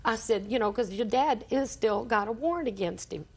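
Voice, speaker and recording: A woman's voice: fairly high pitch, brisk, breathy edge. An older woman giving courtroom testimony, telling a long story and acting out the quoted dialogue. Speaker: litigant in small claims court.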